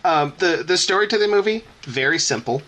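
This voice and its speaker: A man's voice: on the high side, expressive, brisk, a bit bright, a little hiss or hum. A man co-hosting a podcast, talking in a casual, rambling way, often breaking off mid-sentence and laughing. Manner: rambling, self-interrupting, laughing. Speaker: podcast co-host. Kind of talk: casual chat.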